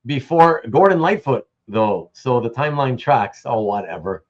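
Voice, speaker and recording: A Canadian man hosting a casual live stream, telling stories in an animated way with many restarts. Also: medium pitch, normal speed. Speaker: host. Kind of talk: casual livestream chat. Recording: dull lo-fi stream audio.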